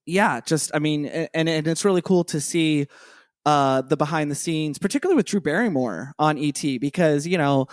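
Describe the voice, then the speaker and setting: A man's voice: fairly high pitch, normal speed, dry recording, studio quality. A man co-hosting a casual podcast, rambling enthusiastically with lots of fillers. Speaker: podcast co-host.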